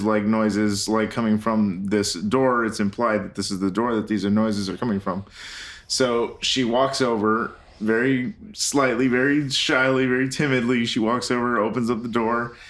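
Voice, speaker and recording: A man co-hosting a casual podcast, recapping a film scene in a loose, profane, rambling way with plenty of fillers. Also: lowish voice. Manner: rambling, profane, laughs loudly and often. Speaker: podcast co-host.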